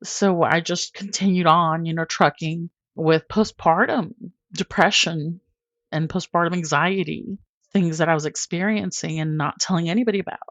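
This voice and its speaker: Podcast guest, woman, lower register, candid and emotional storyteller, dry sound. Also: fairly even intonation, normal speed, no room sound. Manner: emotional, candid, often laughing at herself.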